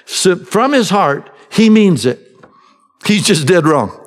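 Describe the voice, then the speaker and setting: A male pastor preaching a sermon with fervent emphasis, at times dropping to soft, quiet lines. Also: high voice, animated, slow pace, faint music behind. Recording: long hall reverb.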